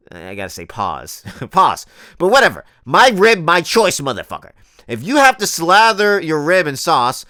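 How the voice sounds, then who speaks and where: A man's voice: a little high, sharp tone, clear, resonant tone, no room sound, clean studio sound. A young man in his twenties doing a crude, exasperated comedic rant as a vlogger.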